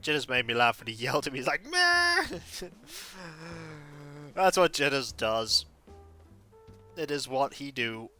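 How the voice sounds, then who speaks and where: A man's voice: medium pitch, moderate pace, sharp tone, faint music behind. A man casually commenting as he plays a life-sim game on stream, chatting with viewers and muttering asides to himself.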